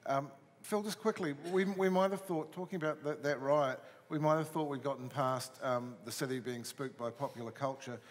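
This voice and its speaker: New Zealand man, panel chair; measured questions; long reverb from the hall. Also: medium pitch. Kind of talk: moderating a panel. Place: museum hall.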